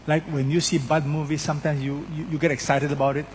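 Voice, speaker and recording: A man's voice: a little high, little pitch movement, quick pace, slight background noise. An older man preaching a sermon, emphatically repeating key words and putting questions to his congregation. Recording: long hall reverb.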